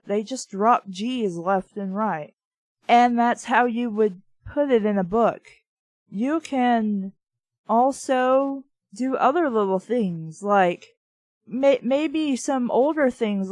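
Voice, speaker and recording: A woman's voice: a little high, a little mellow, no room sound. A woman with a Southern American accent, chatting casually and ramblingly as a book reviewer. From Southern United States. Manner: chatty and rambling, full of "like" and "you know". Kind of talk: casual chat.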